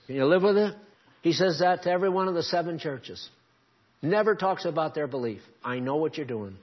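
A man preaching a sermon as pastor, shifting between quiet asides and loud, emphatic climbs. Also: fairly high pitch, animated, a little fast, breathy edge. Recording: dull lo-fi sermon recording.

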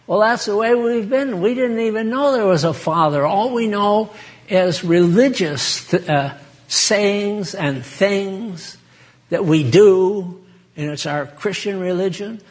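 Slow, high-voiced folksy preacher man. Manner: folksy, chatty, addresses listeners by name, laughs often. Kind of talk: informal sermon.

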